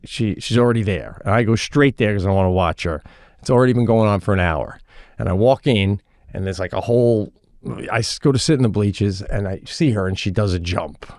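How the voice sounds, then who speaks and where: A middle-aged man co-hosting a podcast, telling a story in a casual, animated way and acting out the voices of the people in it. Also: lowish voice, no echo, studio quality. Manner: animated, acts out quoted voices. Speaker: podcast co-host.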